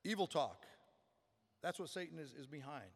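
A man's voice: fairly high pitch, very animated, normal speed, vocal fry, big-room sound. A man preaching a sermon as pastor, earnest and emphatic, often repeating words for stress.

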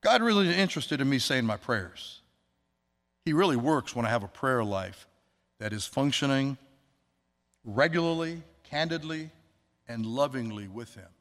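A man preaching a sermon, earnest, slowing down to stress words and quoting scripture. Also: medium pitch, animated, fairly bright tone. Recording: long hall reverb.

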